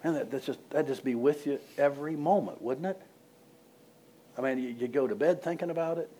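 A man's voice: fairly high pitch, brisk, dark tone. A male pastor preaching a sermon to a congregation, retelling a story in a conversational way and asking the room questions.

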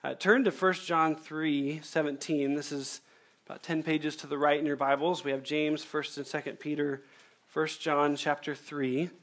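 A male pastor preaching a sermon, emphatic and measured, repeating key phrases and slowing down to stress them. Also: fairly high pitch, level tone, a bit bright.

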